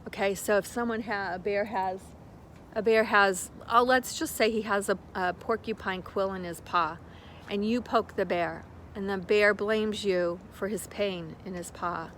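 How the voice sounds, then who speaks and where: An older woman speaks in an unhurried, rambling way, sharing spiritual lessons as a reflective monologue. She slips into little acted-out voices for quoted exchanges as she tells her story. A faint hiss of background noise sits under her voice at a middling pitch. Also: steady tone, fairly bright tone. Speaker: spiritual teacher.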